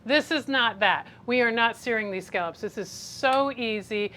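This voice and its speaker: A woman's voice: fairly high pitch, moderate pace, fairly bright tone, slight background noise. A woman hosting a casual home cooking demonstration in her kitchen, talking in a chatty, encouraging way with fillers and self-corrections. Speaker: cooking show host. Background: faint sizzling of a pan on the stove.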